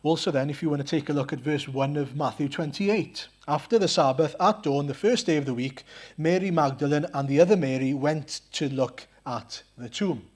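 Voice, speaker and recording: A man's voice: a little high, moderate pace, a little mellow. A man preaching a sermon in a church, earnest, asking rhetorical questions and often hesitating and repeating words.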